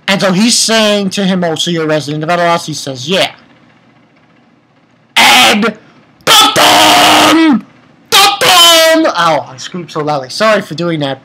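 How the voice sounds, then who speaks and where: Guy ranting through a manga review, bright tone, cusses a lot, gets worked up. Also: high-pitched, rough recording. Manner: excitable, profane rants, retells scenes with quick quoted voices. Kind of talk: casual manga chapter review.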